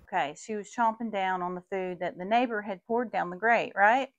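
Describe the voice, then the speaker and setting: A woman's voice: mid-range voice, a little fast, no room sound, dull audio. A middle-aged woman, chatting to viewers as she tells a story while working in her shop. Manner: chatty, addresses viewers as y'all. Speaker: vintage shop owner and vlogger. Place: her vintage shop booth.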